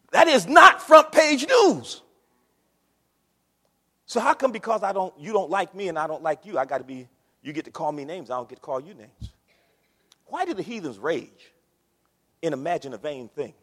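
A man preaching a sermon in a church, swinging from loud shouts to low murmurs. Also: big pitch swings, fairly quick, husky. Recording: long reverb of a large hall.

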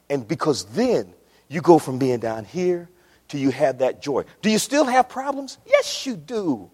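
A man's voice: on the high side, sing-song, unhurried, darkish tone, slightly rough. A man preaching a sermon to his congregation, impassioned and repetitive, often calling out to the church. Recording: reverberant church hall.

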